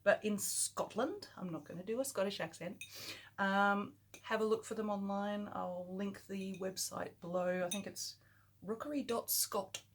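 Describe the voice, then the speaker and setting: A chatty Australian woman hosts her own vlog, thinking aloud through a tasting with easy enthusiasm. Her voice is soft and a little husky, pitched in a middle range. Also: moderate pace. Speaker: vlogger. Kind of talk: casual taste-test vlog.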